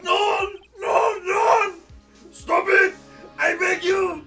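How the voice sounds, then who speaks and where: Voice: sits high, expressive, very slow, creaky, bright, forceful tone, shouting, distant mic, faint music behind, heavily acted. Someone reading a game's lines as a flamboyant, jittery male chef with an over-the-top fake French accent, melodramatic and full of French words. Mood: panicked. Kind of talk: reading game dialogue aloud.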